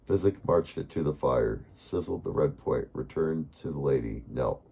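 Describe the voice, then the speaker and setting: A man reading a bedtime story aloud in a calm, unhurried way, now and then correcting himself. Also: rumbling low, creaky, breathy edge.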